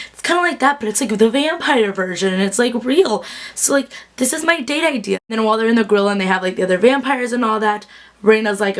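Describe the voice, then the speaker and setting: A young woman casually recapping a TV episode, chatty and bubbly with lots of fillers, acting out characters' quotes. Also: medium pitch. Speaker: TV recap vlogger. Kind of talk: casual chat.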